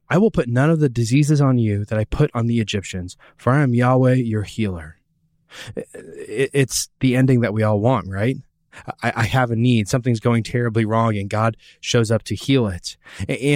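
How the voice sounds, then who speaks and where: An earnest male Bible teacher tells a story and voices the questions people ask. His voice sits at an ordinary middle pitch, recorded close and dry with no room sound. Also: darkish tone, no echo.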